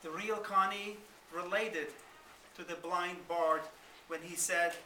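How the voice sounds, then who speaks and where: Male orator, slow deliberate delivery, high ringing voice, caught from across an echoey hall. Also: steady tone, bright, forceful tone, a little hiss or hum. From Turkish-ruled Kurdistan. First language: Kurdish. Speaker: guest speaker. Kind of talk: formal lecture oration. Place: university lecture hall. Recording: roomy hall, mic from far off.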